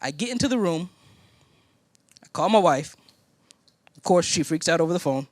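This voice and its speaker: A man's voice: a little high, normal speed, pauses often, no echo. A man from Indiana preaching a sermon as a personal story, acting out the other people in it. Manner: animated storytelling, acting out quoted voices. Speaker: pastor.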